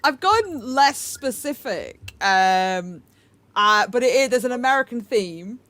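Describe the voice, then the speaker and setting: A woman's voice: a little high, expressive, a little slow, fairly bright tone, no echo. A woman guest improviser on a comedy panel, wry and dry.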